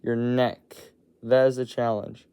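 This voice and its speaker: Slow-talking young man hosting a video. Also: medium pitch, flat delivery, warm tone, clean tone. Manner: rambling, trips over his words. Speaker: host. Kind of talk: casual video intro.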